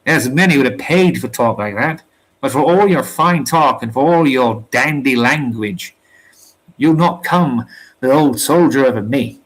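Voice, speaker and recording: A man reading aloud, voicing a proud, cocky sailor who scorns his rival in rough sailor's slang. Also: medium pitch, measured pace, lightly acted, low-quality recording. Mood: scornful boasting. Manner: rough sailor's slang, mocking put-downs. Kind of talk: storybook reading.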